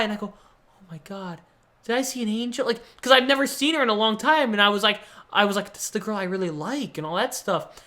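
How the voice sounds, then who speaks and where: A young man hosting his own podcast, telling a childhood story in a rambling, self-mocking way with quick bursts of excitement. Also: a little high. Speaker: podcast host. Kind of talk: casual storytelling monologue.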